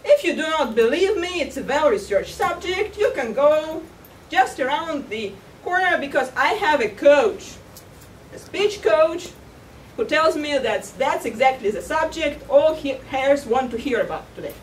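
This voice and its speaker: A smug male hare voiced by a woman talks in a put-on American accent, calm and politely dismissive. The voice sits high and swoops around as the storyteller performs him. It comes from far off in an echoey hall. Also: measured pace, a little hiss or hum. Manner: calm, polite, brushing others off.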